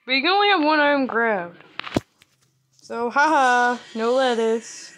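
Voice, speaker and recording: Bright, playful young woman gamer. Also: on the high side, measured pace, faint music behind. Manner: playful, mischievous, giggly. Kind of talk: casual gameplay commentary.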